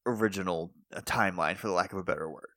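A man's voice: sits low, fast talker, fairly bright tone, no echo, clean studio sound. A man co-hosting a podcast, talking animatedly through a show episode and laughing often. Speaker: podcast co-host. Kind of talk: casual chat recapping a show.

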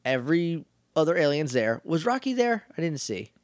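Podcast co-host: man with a higher voice, jokey recap style, dry close mic. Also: very animated, normal speed, no echo. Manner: jokey, acts out characters mid-recap. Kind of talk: casual chat recapping a TV episode.

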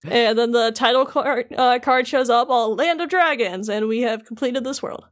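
A woman's voice: fairly high pitch, moderate pace. A woman co-hosting a podcast, casually and playfully retelling a game's story and swearing now and then. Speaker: podcast co-host. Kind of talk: casual chat recapping a game.

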